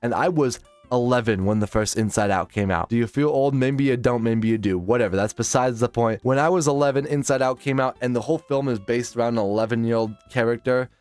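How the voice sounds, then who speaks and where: A man's voice: mid-range voice, fairly quick, a little mellow, smooth, no room sound, soft background music. A man of twenty from Minnesota, ranking films in a blunt, profane, opinionated monologue. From Minnesota, United States. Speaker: film reviewer.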